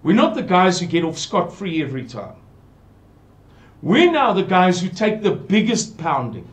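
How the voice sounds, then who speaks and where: A man's voice: high-pitched, big pitch swings, normal speed. A man giving an earnest, pleading, rambling monologue to his viewers. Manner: pleading, repetitive, digressive. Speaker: channel presenter.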